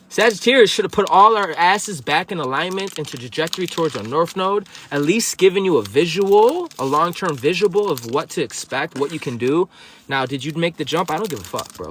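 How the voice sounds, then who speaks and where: Profane, preachy man with a higher voice. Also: animated, fast talker, a bit bright, a little hiss or hum. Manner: profane, confrontational, preachy, addresses viewers as bro. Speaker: livestream host. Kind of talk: spiritual livestream monologue.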